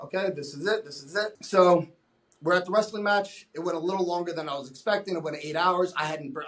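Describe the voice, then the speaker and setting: A young man on a podcast speaks in a fairly high voice as he tells his own story plainly. He swears freely, restarts his sentences often, and keeps up a candid conversational flow. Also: a bit bright. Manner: blunt and profane, with many restarts. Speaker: podcast guest.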